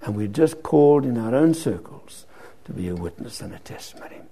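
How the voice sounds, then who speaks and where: A man's voice: medium pitch, animated, fairly quick, mellow. An older man preaching a sermon, telling anecdotes and acting out both sides of conversations. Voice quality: gravelly and husky.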